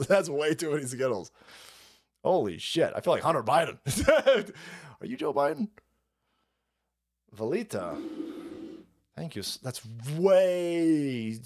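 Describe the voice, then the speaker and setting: A man's voice: a little high, gravelly. A man hosting a livestream, reacting to clips with crude, mocking commentary and frequent laughter. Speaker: streamer host.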